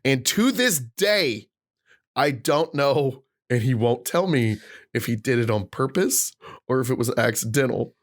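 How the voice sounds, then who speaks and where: With a medium-pitched voice and an unhurried pace, a thirtysomething man co-hosting a podcast launches into a casual rant. He tells a long story animatedly, acting out plenty of quotes.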